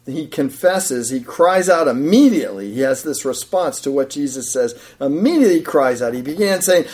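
Animated male preacher. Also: moderate pace, few pauses. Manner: animated preaching, swings from loud emphasis to low quiet asides. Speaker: pastor. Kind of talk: sermon.

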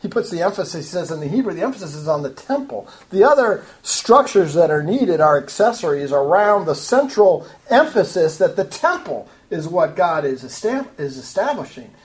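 A woman with a slightly low voice teaches a Bible study, working verse by verse through the text. She explains patiently and earnestly, and her delivery rises to emphatic urging when she applies the lesson. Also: big pitch swings, moderate pace, hardly any pauses.

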